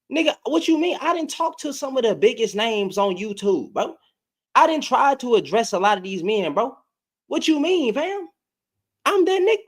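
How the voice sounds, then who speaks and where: A heated man ranting to camera in a high voice that jumps around a lot. He fires off emphatic rhetorical questions in a casual, confrontational rant. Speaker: online commentator.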